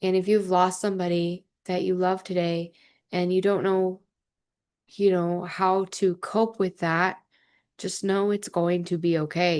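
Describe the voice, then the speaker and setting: A young adult woman talking gently and earnestly to camera about grief, with many fillers and restarts. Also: fairly low pitch. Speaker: vlogger. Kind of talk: heartfelt personal talk to camera.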